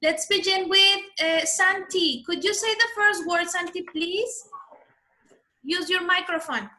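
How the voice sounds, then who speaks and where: A woman's voice: extremely high pitch, a little slow, bright, forceful tone. A woman teaching English to children over a video call, patiently coaching their pronunciation and calling on pupils one by one. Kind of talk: online class for children.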